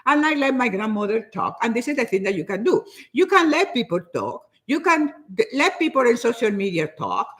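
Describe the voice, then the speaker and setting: An older woman giving a motivational talk in an animated, preachy way, often repeating herself for emphasis. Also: a little high, brisk, hardly any pauses. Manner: acts out other people's nagging voices. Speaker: motivational speaker.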